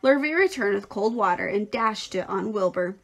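A woman teacher reading a children's novel aloud in a clear, expressive storytelling voice. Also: mid-range voice, moderate pace.

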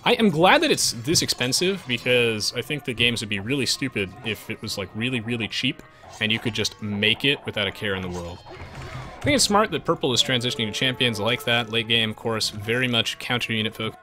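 A man's voice: medium pitch, animated, fairly quick, pushed and bright, soft background music. A man giving playful, jokey commentary while live-streaming a strategy game, chatting with viewers. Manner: playful, jokey, bursts into silly voices. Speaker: gaming streamer.

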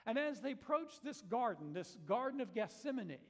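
A man preaching a sermon in a church sanctuary, his fairly high voice ringing out into the long reverb of the hall. He tells the story in a lively, dramatic way and acts out the quoted lines with strong emphasis. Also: moderate pace. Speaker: pastor.

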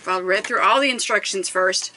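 Counting measurements out loud, a woman walks casually through a quilting demonstration step by step, talking to herself as she works. She speaks at a moderate pace in a sharp, medium-pitched voice, with slight background noise and rough recording quality.

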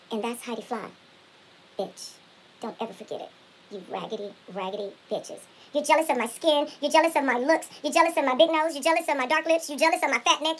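A brash, foul-mouthed vlogger diva, as a woman impersonates her in a comedy spoof. She hurls profane insults at her haters in a high, bright, sharp voice. The trash talk never lets up. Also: rough recording. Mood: taunting, then boastful.

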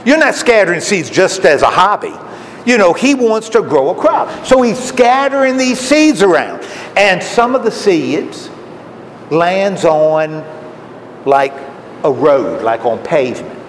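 A man's voice: sits high, sing-song, measured pace. A man giving a folksy, conversational sermon at a retirement home, often asking his listeners questions. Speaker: lay preacher. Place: common room of a retirement home. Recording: echoey hall with faint background noise.

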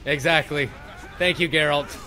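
A young man commentating over gameplay in a sarcastic, comedic way, swearing and panicking loudly, with game music behind him. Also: on the high side, steady tone, normal speed. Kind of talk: comedic let's play commentary.

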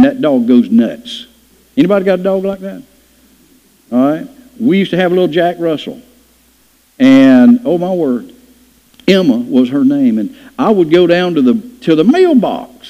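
Folksy preacher in a church hall. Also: male voice, on the high side. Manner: folksy storytelling with playful acted-out voices. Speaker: pastor. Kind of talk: sermon. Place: church sanctuary. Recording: dull lo-fi church hall recording.

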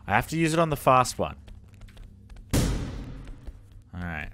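A man hosting a gaming channel, giving animated let's-play commentary and exclaiming at the screen. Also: medium pitch, takes it slowly. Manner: animated, exclaiming, addresses viewers as legends.

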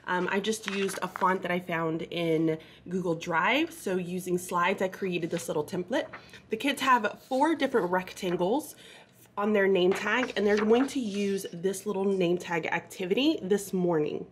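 A woman's voice: medium pitch, a little hiss or hum. Chatty, nervous-sounding teacher woman. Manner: quick, chatty and upbeat, a little nervous. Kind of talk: casual vlog chat. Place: her classroom.

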